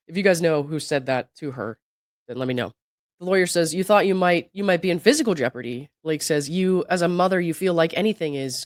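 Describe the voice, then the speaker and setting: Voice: mid-range voice, no room sound, studio quality. A host who is sick, reading a deposition transcript aloud and breaking in with skeptical asides. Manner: reads quotes evenly, breaks in with skeptical asides and laughs. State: sick, voice not at its best. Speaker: legal commentary channel host.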